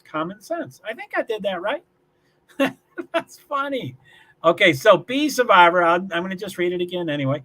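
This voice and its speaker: A man's voice: sits high, big pitch swings, normal speed, a bit bright. Rambling man from Kentucky chatting on a livestream. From Louisville, Kentucky. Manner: rambling, repeats words and restarts, chuckles often. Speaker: livestream host reading chat. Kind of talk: casual livestream chat. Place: small one-bedroom apartment.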